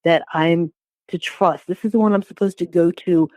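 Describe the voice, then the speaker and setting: A woman in her sixties recounts her story as an interview guest, her voice sitting low. She speaks haltingly, repeating words and restarting phrases. The sound is dry and close, with no room echo. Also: fairly even intonation, mellow. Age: 60s. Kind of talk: personal testimony.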